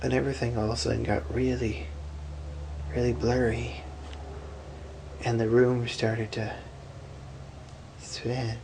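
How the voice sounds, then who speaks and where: A tired man half-whispering a late-night vlog, recounting a painful hospital night in a drowsy way with sudden lively bursts. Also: mid-range voice, measured pace, creaky, pauses often, background noise. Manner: hushed, drowsy storytelling that swings from whispers to animated outbursts. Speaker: vlogger.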